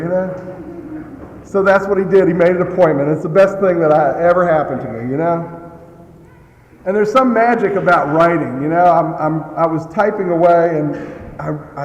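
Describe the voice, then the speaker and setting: Brief: man, fairly high voice, jokey candid storyteller, chuckles a lot, echoey hall with long reverb. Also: a little mellow, dull audio. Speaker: speaker sharing a recovery story. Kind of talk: humorous storytelling talk.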